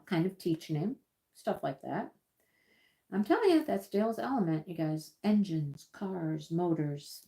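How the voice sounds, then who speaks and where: Woman, livestream host, slow talker, mellow tone, rambling casual chat, repeats her words, crafting at home. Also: deep voice, vocal fry. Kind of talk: casual live-stream chat while crafting.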